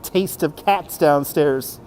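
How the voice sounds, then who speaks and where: Male livestreamer on a walking city stream, unhurried delivery, chats to viewers, laughs often, phone mic. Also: a little high, darkish tone, a little hiss or hum. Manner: chatty, laughs often, talks to viewers and himself. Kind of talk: live walking stream commentary. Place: city street and indoor market. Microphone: phone on a handheld gimbal.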